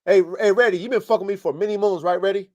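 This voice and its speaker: High-voiced man ranting like a coach. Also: fast talker, darkish tone. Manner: blunt, profane, fired-up coaching talk. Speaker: host and dog-breeding coach. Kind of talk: live podcast rant. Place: home studio, live stream.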